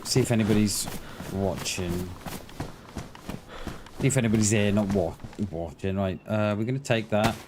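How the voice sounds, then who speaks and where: A man's voice: on the low side, normal speed, pauses often. A man chatting casually and swearing freely as he live-streams a survival game, a parent of a school-age son. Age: adult parent of a schoolchild. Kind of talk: casual live-stream chat while gaming. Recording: clear background noise.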